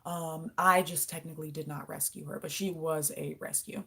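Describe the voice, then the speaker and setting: A woman's voice: sits low, steady tone, normal speed, sharp tone, husky. A young woman hosting a casual livestream, answering viewer questions and cooing affectionately to her pet lizard. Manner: chatty, coos baby talk to her lizard. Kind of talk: casual live-stream chat.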